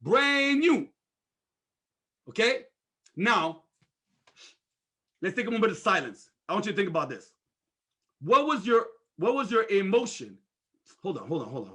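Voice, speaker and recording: A man giving an energetic motivational sales training, repeating himself and firing off rhetorical questions. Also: sits high, husky.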